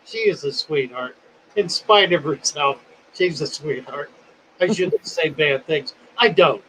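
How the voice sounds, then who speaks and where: Man in his seventies, livestream host, phlegmy, folksy and rambling, high voice, slow talk. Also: fairly bright tone, a little hiss or hum, rough recording. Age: 70s. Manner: folksy, rambling, self-deprecating. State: phlegmy, coughing. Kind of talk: casual livestream chat.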